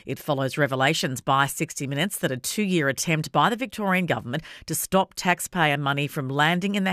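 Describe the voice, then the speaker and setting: A man reading a formal radio news bulletin in a measured way. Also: a little high, a bit bright, no room sound, clean studio sound. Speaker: newsreader. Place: radio studio.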